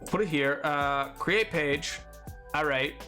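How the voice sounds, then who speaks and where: A man's voice: a little high, takes it slowly, bright, forceful tone, soft background music. A man streaming live, chatting casually with viewers in a rambling, self-mocking way and laughing often.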